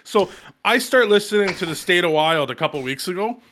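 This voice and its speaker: A man chatting casually about card games, animated and jumping up in pitch as he tells stories. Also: a little fast, slight background noise. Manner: animated, jumps to high excited pitch when telling stories. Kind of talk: casual gaming chat.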